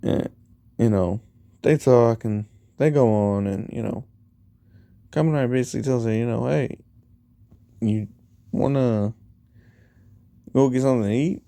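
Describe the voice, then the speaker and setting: A man spins a fan-made story in an unhurried, rambling way, repeating each character's lines in his own voice. His tone is deep-set and mellow, close to the mic in a dead, dry room. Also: gravelly, no room sound. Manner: rambling, retells dialogue with 'he's like' and 'you know'. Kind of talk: casual fan-fiction storytelling.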